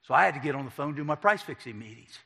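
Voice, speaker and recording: Man, bright forceful voice, slightly high, animated storytelling, long hall reverb. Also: racing, creaky. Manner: animated storyteller acting out dialogue. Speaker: speaker telling his life story. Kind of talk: personal testimony talk.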